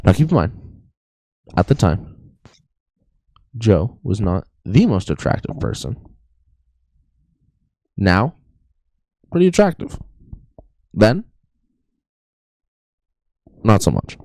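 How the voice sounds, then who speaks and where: A young man with a very deep, gravelly voice rambles through a story as a podcast co-host, joking as he goes. The sound is dry and close. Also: wildly swooping pitch, takes it slowly, pauses often, dark tone, no room sound. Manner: joking, rambling, says "anyways" a lot. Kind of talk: casual storytelling chat.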